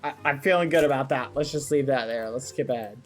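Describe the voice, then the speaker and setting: A male streamer chats casually on a livestream in a fast, mid-range voice, with background music playing. He frets nervously and swears softly, using "fudge" as his mild curse.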